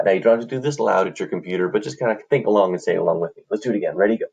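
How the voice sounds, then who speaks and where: An upbeat male music teacher leads an online lesson, encouraging and chanting rhythm syllables for his students. His voice sits a little low and has a husky edge. He is recorded on a computer microphone indoors. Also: rapid-fire, few pauses, a little mellow.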